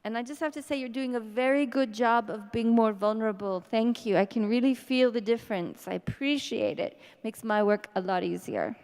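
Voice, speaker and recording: A woman leading a guided tapping session, speaking slow scripted affirmations between deep sighs and breaths. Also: darkish tone, smooth. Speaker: EFT tapping practitioner. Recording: long reverb in a hall.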